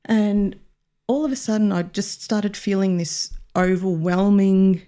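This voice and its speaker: A woman's voice: medium pitch, fairly even intonation, mellow. A woman co-hosting a radio chat, talking in a reflective and emotional way about her own experiences. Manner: emotional, reflective, slow in places. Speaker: radio co-host.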